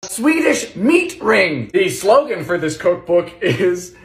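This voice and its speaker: A man doing comedic cooking commentary on old recipes in his home kitchen, with deadpan one-liners and ingredients called out in sudden shouts. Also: high-pitched, slow, roomy sound.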